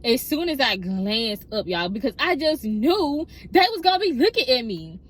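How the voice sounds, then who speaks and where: A woman chatting in a car, telling a story straight to her viewers in a casual, expressive way. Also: high-pitched, normal speed. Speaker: storytime vlogger.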